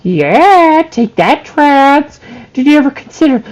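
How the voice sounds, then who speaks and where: A woman's voice: sits high, sing-song, slow, a little mellow. A woman hosting a casual podcast livestream, teasing and sarcastic. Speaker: podcast host.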